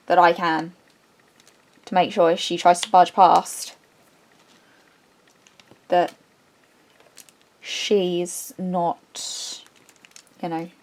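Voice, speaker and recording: Woman, craft vlogger, casual chat, animated rambling storyteller who restarts her sentences a lot. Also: lowish voice, very slow, pauses often.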